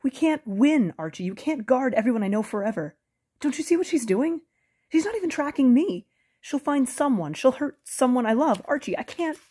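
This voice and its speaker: Woman reader as a scared teenage boy, urgent and pleading, husky, for an audiobook. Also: on the low side, normal speed, mellow. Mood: panicked. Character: frightened teenage boy, the narrator's own character. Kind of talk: audiobook character reading.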